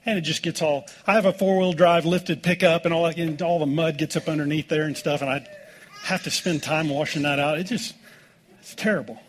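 A man's voice: a little high, slight background noise. A middle-aged American man preaching a sermon as pastor, telling folksy stories with jokes. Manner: folksy, joking storytelling with laughs.

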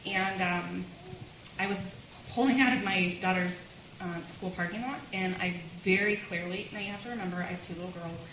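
A woman's voice: lowish voice, moderate pace, fairly bright tone. Chatty woman sharing testimony, roomy sound. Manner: chatty, laughs often, many fillers. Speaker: speaker sharing her testimony. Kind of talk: personal testimony at a women's church gathering. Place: church meeting room. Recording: roomy sound with background noise.

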